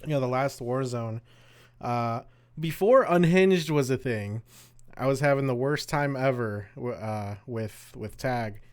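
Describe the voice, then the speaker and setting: A man's voice: medium pitch, unhurried, clean tone. Laid-back young man on a podcast. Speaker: podcast co-host. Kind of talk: casual chat.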